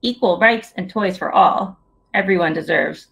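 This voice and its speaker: A woman's voice: medium pitch, moderate pace, vocal fry, fairly bright tone. A woman in her thirties reads a picture book to young children over a video call. She keeps it playful and sing-song, asking the kids questions and cheering them on as she goes. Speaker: children's book author reading aloud. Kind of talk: story hour read-aloud for children.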